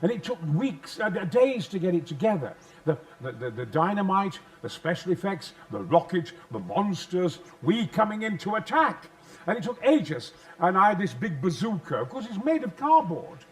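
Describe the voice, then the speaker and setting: Older Yorkshire man, actor guest, high lively bellowing voice, theatrical storyteller. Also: moderate pace. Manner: booming, theatrical, bursts into roaring shouts. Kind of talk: animated anecdote telling.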